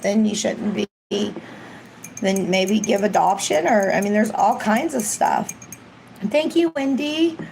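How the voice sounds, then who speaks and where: A woman vlogger talks to her live-stream viewers in a casual, rambling way. Her voice sits at a middle pitch with a gravelly, fry-laced texture, and a faint hiss runs underneath. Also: darkish tone, low-quality recording. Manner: rambling, chatty, acts out quotes. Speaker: ASMR vlogger.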